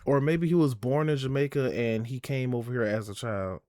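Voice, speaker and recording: A man's voice: medium pitch, fairly quick, a little mellow, dry recording, studio quality. A young man live-streaming in a sassy, chatty way, swearing a lot and calling his viewers "girl" and "y'all.". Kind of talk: casual live-stream chat.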